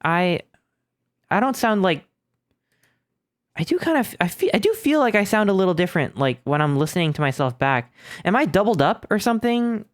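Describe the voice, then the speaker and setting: A young man live-streams from home into a desk microphone running through an audio interface, rambling chattily and joking about himself with many restarts. His high voice is very animated, at a moderate pace with frequent pauses, in echo-free, studio-quality sound.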